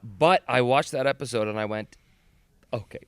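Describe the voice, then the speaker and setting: A man's voice: mid-range voice, a little fast, clear, resonant tone, no echo. A male voice actor, a convention guest, telling stories in a casual interview and slipping into accents. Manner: animated storyteller, slips into accents.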